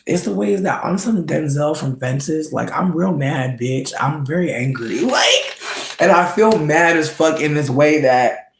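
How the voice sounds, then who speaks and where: Candid vlog rant, heavy cursing, gravelly tone, echoey room. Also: animated, unhurried. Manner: angry, heavy swearing, pitch swings from low mutter to high strained outbursts. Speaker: vlogger.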